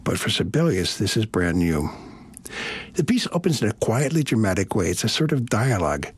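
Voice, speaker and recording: A man's voice: on the low side, sing-song, normal speed, slight background noise. A man hosting a classical music radio program, explaining the pieces in a conversational, storytelling way. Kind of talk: scripted radio presentation.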